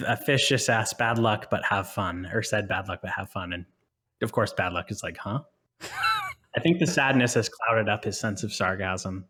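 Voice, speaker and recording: A man's voice: fairly low pitch, moderate pace, bright, forceful tone, slightly rough. A man co-hosting a live stream and commentating a competitive video game match, joking and laughing often between play-by-play.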